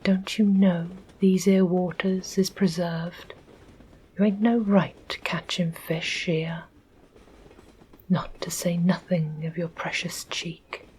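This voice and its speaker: A woman with an English accent voicing a gruff, stern working-class bargee in whispered role-play, using rough dialect speech. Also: on the low side, fairly even intonation, takes it slowly, darkish tone, full character voice, rough recording.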